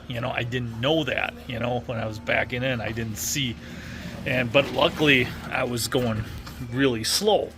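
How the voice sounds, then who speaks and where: A man's voice: medium pitch, creaky, noisy background. A middle-aged man from Wisconsin telling a casual story in a rambling way, full of fillers and restarts. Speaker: vlogger.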